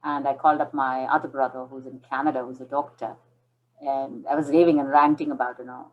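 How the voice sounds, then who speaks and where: A woman's voice: extremely low pitch, steady tone, normal speed, dull audio. A woman in her forties from India, telling her story as an interview guest and acting out the dialogue in it. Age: 40s.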